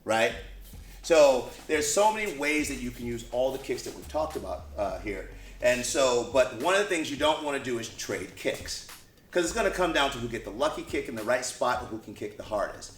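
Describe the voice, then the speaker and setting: A man's voice: medium pitch, expressive, normal speed, a little hiss or hum. A man co-hosting a martial arts lesson, explaining in an easygoing way with frequent "you know" and "right". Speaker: co-host martial arts teacher. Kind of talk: casual demonstration lesson. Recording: echoey room.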